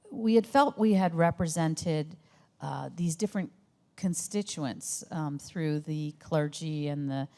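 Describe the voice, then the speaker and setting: Low-voiced, mellow documentary director woman. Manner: thoughtful, hesitant with many fillers. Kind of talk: interview conversation.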